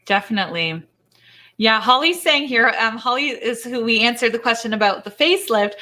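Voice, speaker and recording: A woman's voice: on the high side, lively intonation, fairly quick, sharp tone. A woman from Canada hosting a live Q&A, chatty and bubbly, laughing often. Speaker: host. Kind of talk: live Q&A chat.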